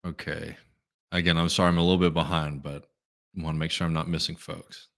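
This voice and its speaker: A man hosting a live stream, reading out viewer messages and answering them in a relaxed, thinking-aloud way with many fillers. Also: a bass voice, fairly quick, vocal fry. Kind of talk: casual live Q&A commentary.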